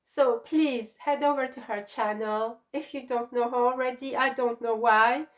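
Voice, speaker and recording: A middle-aged woman hosting a crochet channel, chatting casually and gushing with emotion as she gives shout outs. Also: on the high side, fairly even intonation, normal speed. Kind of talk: casual vlog chat.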